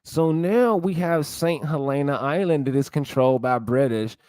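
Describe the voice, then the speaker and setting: A man's voice: a little high, moderate pace, darkish tone, smooth, no room sound. A man lecturing viewers in casual commentary, searching aloud and calling them y'all. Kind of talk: casual commentary while browsing sources.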